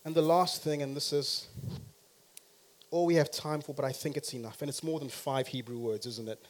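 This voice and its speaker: A man preaching a sermon who talks straight to the congregation and swings from quiet to loud and emphatic. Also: a little high, fairly even intonation, moderate pace.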